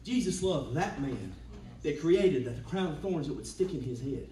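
A man, preaching a sermon as pastor, humming between lines and building to shouts. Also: fairly high pitch, lively intonation, normal speed, reverberant, distant mic, low-quality recording. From Georgia, US. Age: 40s. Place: church sanctuary.

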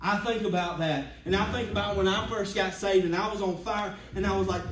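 A man, preaching a sermon as pastor, humming between lines and building to shouts. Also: sits high, steady tone, fairly quick, hardly any pauses, reverberant, distant mic, faint music behind, low-quality recording. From Georgia, US. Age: 40s. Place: church sanctuary.

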